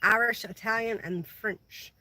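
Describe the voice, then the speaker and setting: A woman's voice: on the high side, fairly even intonation, measured pace, bright, forceful tone, low-quality recording. A middle-aged woman hosting a casual livestream, chatting with viewers and answering their comments by name. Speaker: livestream host.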